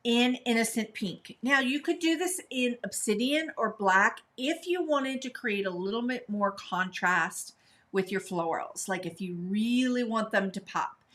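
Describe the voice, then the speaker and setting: A woman's voice: a little high, pushed and bright. A woman hosting a live craft tutorial, talking chattily and upbeat as she demonstrates, now and then breaking into a sing-song voice.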